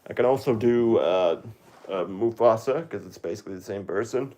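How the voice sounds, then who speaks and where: A man's voice: on the low side, normal speed, darkish tone. A man streaming live into his phone, chatting casually in a rambling, hesitant, self-deprecating way. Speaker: livestreamer.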